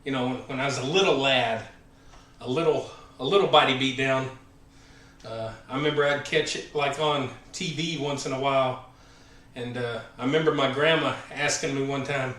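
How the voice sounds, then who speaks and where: A man's voice: medium pitch, normal speed. A man in his forties with a Southern American accent, chatting casually on a fitness live stream between workout sets, rambling with lots of fillers and sounding a bit winded. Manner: rambling, filler-heavy, friendly shout-outs. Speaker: fitness channel host. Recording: echoey room, voice far from the mic.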